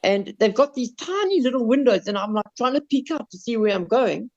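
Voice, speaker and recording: A man with a South African accent, casually telling a story on a podcast, animated, swearing and stumbling over his words. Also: very high voice, a little fast. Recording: slightly dull lo-fi sound.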